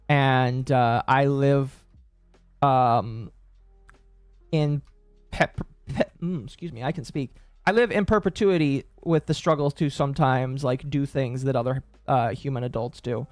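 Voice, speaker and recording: A man's voice: medium pitch, steady tone, a little slow, no room sound, faint music behind. A man in his late twenties, casually chatting on a stream and answering chat, rambling and correcting himself as he goes. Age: late 20s. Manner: rambling, self-correcting, chuckling.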